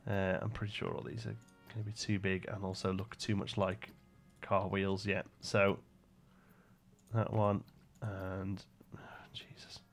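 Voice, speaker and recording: A man's voice: low voice, flat delivery, unhurried, creaky, faint music behind. A young man live-streaming a building game, thinking aloud and chatting with viewers between frequent fillers. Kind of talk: casual live-stream commentary.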